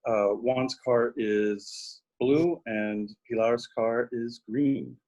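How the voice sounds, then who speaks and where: A man's voice: medium pitch, extremely slow, a little mellow. A man taking part as a student in an online class, carefully reading out sentences and their translations.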